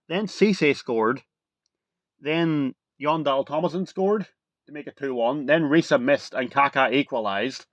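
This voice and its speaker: Rambling, excitable young man reviewing on camera. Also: a little high, dry recording, dull audio. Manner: rambling and excitable, full of "like" and "literally". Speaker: video reviewer. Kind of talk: casual chat to camera.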